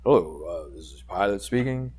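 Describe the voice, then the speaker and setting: A man imitating a cool, laid-back male airline pilot making a cabin announcement, with a low, movie-style drawl. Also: lively intonation, normal speed, a little mellow, slightly rough, dry recording.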